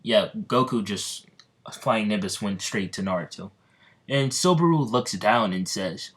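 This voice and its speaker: A man improvising a fan-fiction story, rambling and halting with lots of fillers, restarts and giggles. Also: fairly low pitch, fairly bright tone.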